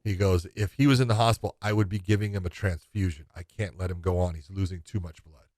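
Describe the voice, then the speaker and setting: A man with a fairly low voice tells a story on his podcast, acting out the lines of the people in it. The sound is close and dry. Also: quick pace, dry recording. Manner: lively storyteller who acts out quoted dialogue. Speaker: podcast co-host. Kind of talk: casual chat, telling stories.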